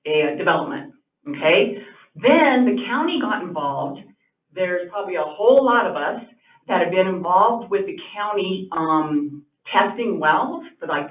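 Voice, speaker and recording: Firm, argumentative woman landowner. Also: fairly low pitch. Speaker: neighboring landowner at public comment. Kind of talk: public meeting comment. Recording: echoey, distant, tinny phone-like sound.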